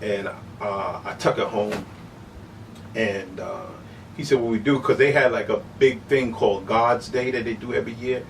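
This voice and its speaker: A middle-aged man telling stories as an interview guest, animated and casual, often saying "you know what I'm saying". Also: lowish voice, normal speed, distant mic, a little hiss or hum, poor audio. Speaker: human beatboxer, interview guest.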